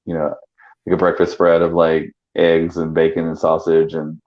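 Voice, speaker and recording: Deep-voiced South Georgia man, chatty. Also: moderate pace, highs cut off. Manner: animated, laughing, swearing, drawling storyteller. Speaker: panel host. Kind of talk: casual live-stream chat.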